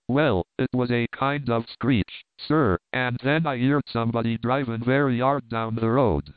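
A man voicing a rough country ostler who drawls in rustic dialect and drops his g's. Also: medium pitch, no room sound, close to an everyday voice. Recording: dry, narrow phone-like sound.

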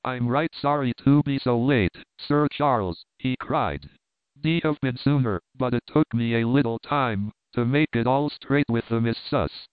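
A man's voice: medium pitch, measured pace, smooth, no room sound, lightly acted. A man reading the part of a burly, good-natured older male blacksmith and prizefighter who speaks plainly and heartily. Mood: apologetic. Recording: tinny narrow-band, dry.

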